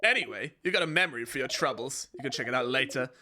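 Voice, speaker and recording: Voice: medium pitch, lively intonation, quick pace, noisy background, voice pushed down, close to an everyday voice. Streamer reading a sneering star spirit. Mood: taunting. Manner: sneering, accusing. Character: taunting star-like spirit, mocking and cruel. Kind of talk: reading game dialogue aloud. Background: game music.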